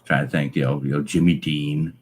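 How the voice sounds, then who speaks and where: Speaking into a large studio microphone as a live stream guest, this man chats casually and rambles, leaning heavily on filler phrases. His bass voice has a breathy edge, little pitch movement, and a slightly fast pace.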